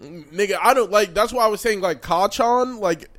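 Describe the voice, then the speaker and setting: A man in a casual chat, excitable and full of restarts and "like". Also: high-pitched, normal speed.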